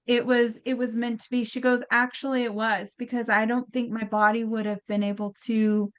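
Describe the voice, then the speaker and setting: A woman with a fairly high voice tells a story in casual chat. She is animated and acts out each quote, with plenty of fillers and restarts. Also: normal speed, clean tone. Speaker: guest healer.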